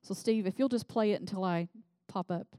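A woman's voice: medium pitch, fairly quick, no room sound. Conversational woman preaching. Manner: conversational, animated when voicing scripture figures. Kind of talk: sermon.

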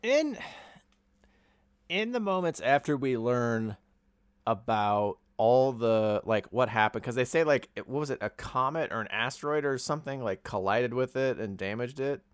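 A man casually talking through a movie's plot, animated and quoting the characters as he retells scenes. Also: mid-range voice, normal speed, clean tone, no room sound, clean studio sound. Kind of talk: casual movie review chat.

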